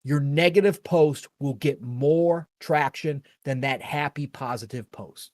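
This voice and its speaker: A man's voice: fairly high pitch, unhurried, darkish tone, no echo, clean studio sound. A middle-aged man hosting a gaming podcast, talking in an earnest, rambling, opinionated way with casual swearing. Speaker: podcast host.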